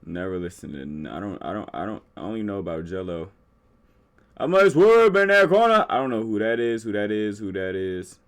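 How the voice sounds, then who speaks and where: A man's voice: deep voice, fast talker, hardly any pauses. A man from the Washington DC area giving casual, slangy reaction commentary to a video. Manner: slangy, offhand, talks back to the video.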